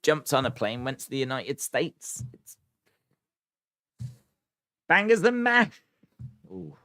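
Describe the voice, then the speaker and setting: A man's voice: a little high, big pitch swings, slow pace, bright, forceful tone, dry recording, clean studio sound. An English man hosting a live stream, casually reading viewer comments with playful, mock-indignant banter. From England. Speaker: live stream host reacting to wrestling.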